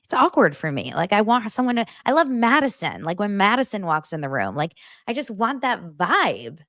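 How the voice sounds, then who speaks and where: A woman's voice: medium pitch, sing-song, moderate pace, fairly bright tone, dry recording, clean studio sound. A woman in her thirties hosting a show, chatting casually and gushing with lots of fillers. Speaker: podcast host recapping reality TV.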